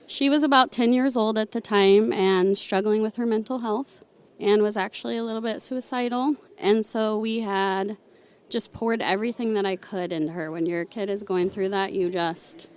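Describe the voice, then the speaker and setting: A woman's voice: medium pitch, moderate pace, clean tone. A middle-aged woman, a senior living administrator, telling a personal story in an interview in a heartfelt, candid way.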